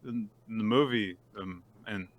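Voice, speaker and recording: A man's voice: fairly low pitch, a little slow, dry recording. A man co-hosting a casual manga recap podcast, retelling scenes and acting out the characters' lines. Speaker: podcast co-host.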